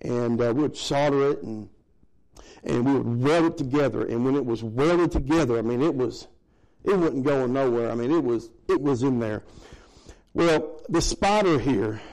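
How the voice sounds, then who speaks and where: A man's voice: medium pitch, a little mellow, low-quality recording. A middle-aged man preaching a sermon in a folksy, conversational way, chuckling between points. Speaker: pastor.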